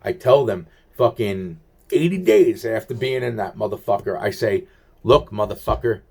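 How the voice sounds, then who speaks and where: Rambling, profane man with a low voice. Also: animated, moderate pace, gravelly, warm tone, slightly rough. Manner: heavily profane, rambling, restarts sentences. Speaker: vlogger recounting personal events. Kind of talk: rambling first-person monologue.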